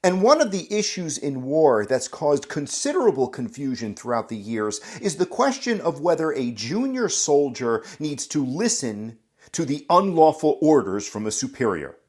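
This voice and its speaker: A man's voice: fairly high pitch, very animated, normal speed, a little mellow, breathy edge. A man hosting a podcast, telling a story in a scripted, dramatic way and talking straight to the listener. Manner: dramatic, addresses the listener directly. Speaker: podcast host.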